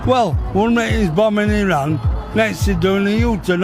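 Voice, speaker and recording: Bloke fuming about politics, pretty high voice, music in the back. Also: male voice, normal speed. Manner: angry, blunt, swearing.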